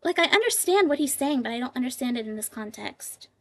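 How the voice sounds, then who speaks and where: A woman's voice: high voice, lively intonation, fast talker, a bit bright. A woman streaming live, thinking aloud as she translates, with many fillers and emotional asides. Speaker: livestream translator. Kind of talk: casual live-stream chat.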